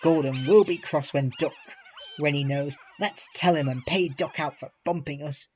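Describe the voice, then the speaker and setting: A man's voice: fairly high pitch, normal speed, a little hiss or hum, lightly acted. A man voicing rude, cheeky freight trucks that guffaw, in a storybook reading. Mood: gleeful.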